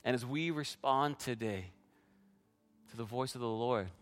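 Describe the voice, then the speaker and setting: A man's voice: medium pitch, a little slow, soft background music. A man preaching a sermon as pastor, sharing his own testimony in an earnest way and speaking directly to the congregation.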